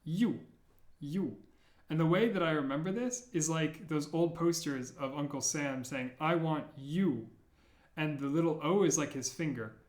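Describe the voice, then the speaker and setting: A man teaching the sounds of an alphabet, repeating each one slowly and clearly, with playful memory tricks. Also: on the high side, darkish tone, roomy sound. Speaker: language teacher. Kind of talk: slow, deliberate pronunciation lesson.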